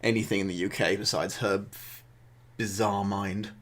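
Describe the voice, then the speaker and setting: A man's voice: fairly low pitch, steady tone, moderate pace, a bit bright. Sarcastic man chatting on a livestream. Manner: sarcastic, rambling asides with restarts. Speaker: livestream host. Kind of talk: casual chat.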